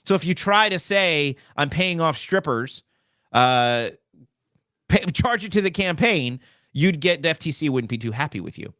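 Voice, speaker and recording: A man hosting a political commentary talk show, talking in an animated, rambling way with many asides. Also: on the high side, moderate pace, no room sound, studio quality. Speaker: host.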